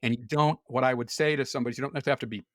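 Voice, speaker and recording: Candid man explaining in a relaxed chat. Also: mid-range voice, racing, no echo, clean studio sound. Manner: candid, explanatory, often laughs. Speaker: podcast guest. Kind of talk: casual conversation.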